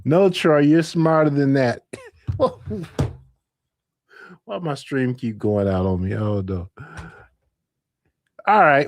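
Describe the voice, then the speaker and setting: A man hosting a late-night live stream, rambling, laughing and thinking out loud. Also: a little high, big pitch swings, slow pace, long pauses, no echo, studio quality.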